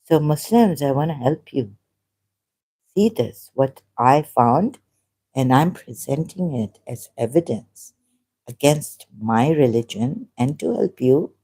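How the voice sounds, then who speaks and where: Mellow-voiced speaker in a rambling argumentative monologue. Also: medium pitch, expressive, husky. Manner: argumentative, halting, reads verses aloud. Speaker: solo vlogger.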